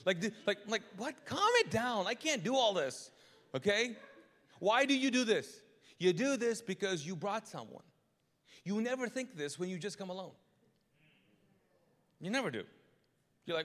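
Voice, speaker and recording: A man preaching a live sermon as pastor, animated and joking, often restarting his sentences and acting out what people in the church say. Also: high-pitched, moderate pace. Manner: animated, joking, frequent restarts, acts out congregants' lines. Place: large church auditorium. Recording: long hall reverb.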